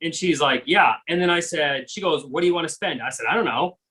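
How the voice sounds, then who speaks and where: Bright, sharp-voiced male host. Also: fairly high pitch, breathy edge, poor audio. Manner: warm reactions, halting and restarting sentences. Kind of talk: casual interview on a video call.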